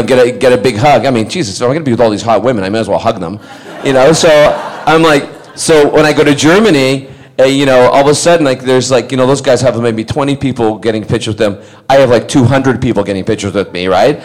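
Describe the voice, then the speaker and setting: A middle-aged man born in Scotland telling a convention anecdote, animated and acting out the other people's voices, laughing often. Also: mid-range voice, fast talker. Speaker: actor telling convention stories. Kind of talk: casual convention panel anecdote.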